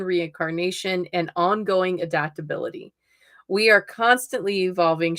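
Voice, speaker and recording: A woman in her forties, with a voice on the low side, hosts a casual live stream where she reads tarot cards. She's chatty with her viewers and laughs often.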